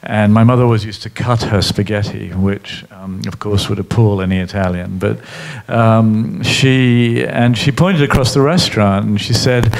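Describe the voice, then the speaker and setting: A middle-aged British man, a columnist and author, is interviewed on stage as a guest at a public event. His voice is fairly low and gravelly, moving at a moderate pace with hardly any pauses as he tells stories reflectively, full of fillers and restarts.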